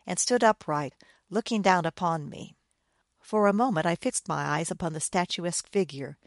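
A woman narrates a first-person story in a measured, grave way, her voice sitting a little low. The recording is close and dry, with no room sound around her. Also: no echo. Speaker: audiobook narrator.

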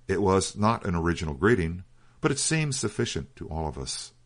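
A man narrating a written story in a measured, steady storytelling reading. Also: deep voice. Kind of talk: scripted audiobook narration.

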